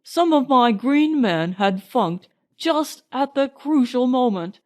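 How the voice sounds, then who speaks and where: A woman's voice: sits high, lively intonation, takes it slowly, darkish tone, voice pushed up. A woman voicing a young British army officer who talks dreamily and earnestly. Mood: somber.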